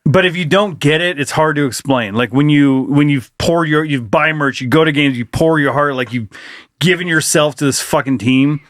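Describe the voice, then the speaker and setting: A man co-hosting a podcast in casual chat, telling animated stories, acting out what people said and swearing freely. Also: fairly high pitch, moderate pace, no room sound, studio quality. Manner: animated storyteller, acts out quotes, swears freely. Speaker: podcast co-host.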